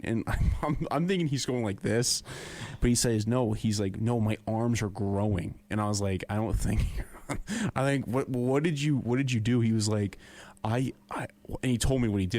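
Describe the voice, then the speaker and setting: A man's voice: fairly low pitch, normal speed, darkish tone. A young man co-hosting a podcast, telling a story in a casual, laughing way. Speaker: podcast co-host. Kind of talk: casual chat.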